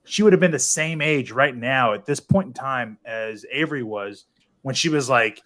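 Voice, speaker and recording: A man in his thirties hosts a loose podcast conversation, animated and quick to laugh. His speech is full of "like" and "dude" as he tells stories about his kids. Mid-pitched voice. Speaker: podcast host. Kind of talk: casual chat.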